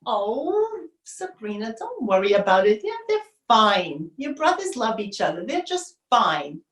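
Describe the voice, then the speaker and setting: A woman's voice: fairly high pitch, sing-song, a bit bright, recorded from a distance. Woman performer playing a fussy, dismissive mom, roomy stage sound from afar. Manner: brisk, bossy, brushing things off. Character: fussy, chattering mother who won't listen.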